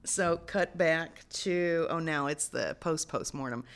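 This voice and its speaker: A woman with a very low, gravelly voice talks through a TV episode as a guest co-host. She is wry and casual, and she laughs often between lines. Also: slow. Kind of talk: casual recap chat.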